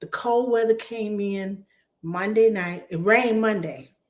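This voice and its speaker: A woman, talking casually to camera in a rambling, animated way, her voice still a little hoarse from laryngitis. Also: mid-range voice, slow. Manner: rambling, animated storytelling with restarts. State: recovering from laryngitis, slightly hoarse. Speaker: vlogger. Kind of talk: casual chatty talk to camera.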